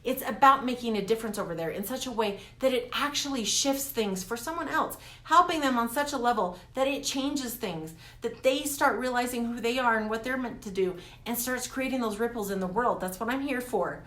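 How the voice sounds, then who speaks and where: A woman talking straight to her viewers in a casual motivational vlog, animated and laughing often. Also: fairly high pitch, fairly quick, few pauses. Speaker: coach vlogger. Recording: echoey room.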